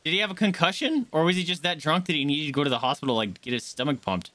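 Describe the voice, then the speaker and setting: A man streaming a game, chatting casually and shouting and swearing at enemies, with game music behind. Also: fairly high pitch, quick pace, dry recording. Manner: excitable, yelling and swearing at enemies. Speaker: gaming streamer. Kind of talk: casual let's-play commentary.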